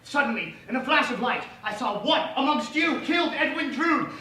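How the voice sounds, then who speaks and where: A young man playing a frantic old-fashioned stage witness with shouted, melodramatic lines. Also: very high-pitched, animated, normal speed, pitched above the performer's own voice, heavily acted. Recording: echoey hall, distant mic, noise.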